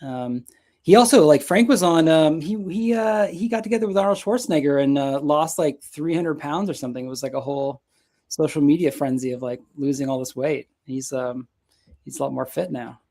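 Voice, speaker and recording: A man's voice: a little high, a little fast, mellow. A man from the United States talking casually as a guest, rambling with many fillers and restarts. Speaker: guest, Mets fan. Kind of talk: casual chat.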